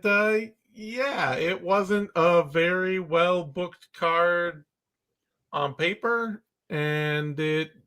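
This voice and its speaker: A male podcast host with a bright, forceful voice, talking slowly and deliberately through casual, opinionated chat. He is a little higher-pitched than most men and jokes around between his points. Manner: joking, opinionated, loose with fillers.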